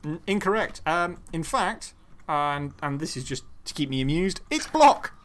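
A man's voice: fairly high pitch, measured pace. A man running a quiz on a casual podcast, teasing the players as he reads out the answers. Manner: animated, teasing quiz host. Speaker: quizmaster.

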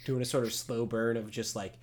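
A young man co-hosting a movie podcast, retelling scenes with animation and acting them out as he goes. His voice is a medium-pitched, everyday one. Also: little pitch movement, a little fast. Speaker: podcast co-host. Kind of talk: casual movie review chat.

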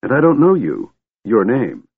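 A man doing a scared young woman in a storybook, soft and pleading, her words rising and falling widely. The husky voice comes through a thin, phone-like line with no room sound at all. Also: medium pitch, wildly swooping pitch, a little slow, no room sound, voice pushed up, heavily acted. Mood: earnest. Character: young woman, frightened but trying to be strong. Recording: tinny phone-like dry sound.

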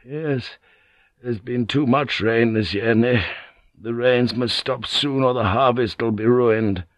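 A man's voice: mid-range voice, slow pace, no echo, close to an everyday voice. A man voicing a loyal, blunt old samurai general in an audiobook, eager and deferential. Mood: earnest. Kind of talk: audiobook character voice.

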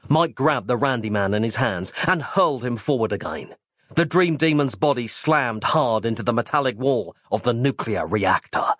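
A man reads a comic novel aloud with a playful, expressive delivery. His pitch swings a lot from phrase to phrase, while his voice stays around a mid pitch. The recording is dry and close, with no room around it. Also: normal speed, no room sound. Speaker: audiobook narrator.

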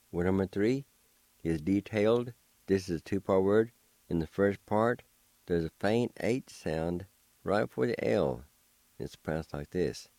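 A man's voice: low voice, expressive, moderate pace, a little mellow, no echo. A man teaching a language lesson on the radio, carefully spelling out words letter by letter and repeating them.

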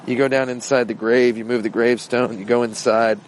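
A man's voice: medium pitch, flat delivery, a little fast, a little hiss or hum. A man hosting a podcast, telling a rambling casual anecdote in a meandering way, full of fillers and restarts. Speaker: podcast host. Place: outdoors, walking around shops.

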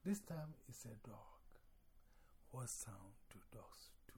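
A woman teacher telling a story to young children, slow and soft, often near a whisper. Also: rumbling low, animated, slight background noise.

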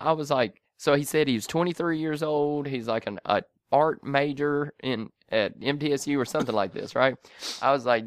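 A man's voice: mid-range voice, a little fast, dry recording, clean studio sound. A man telling a story in casual, profane fashion, acting out the voices and laughing often. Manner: animated, profane, acts out voices, laughs a lot.

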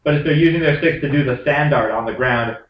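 A man's voice: mid-range voice, fast, far from the mic, lo-fi sound. A man co-hosts a loose podcast chat, teasing his friends and swearing now and then. His voice sits in a middle range for a man. It has a roomy echo and sounds set back from the mic. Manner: joking, teasing, swears freely. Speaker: podcast co-host. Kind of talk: casual chat.

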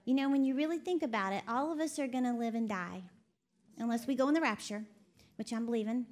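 A woman's voice: on the high side, fast, a little mellow. A woman speaking at a women's conference, chatty and jokey, laughing often before turning earnest in her sermon. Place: conference session hall.

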